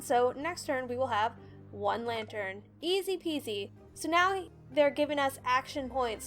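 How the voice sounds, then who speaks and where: A woman hosting a let's play, chatting casually as she explains the controls and reads the tutorial text aloud. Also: high-pitched. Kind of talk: casual gameplay commentary.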